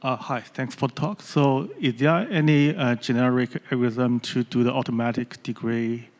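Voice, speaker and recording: A man's voice: medium pitch, moderate pace, a little mellow. A man in the audience asking a question, tentative and searching for words. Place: conference hall.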